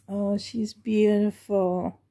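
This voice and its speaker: Gravelly, breathy woman gushing over a doll. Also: mid-range voice, level tone, slow, dark tone. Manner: gushing, fond, half-whispered asides. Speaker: reborn doll collector. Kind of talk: unboxing vlog chat.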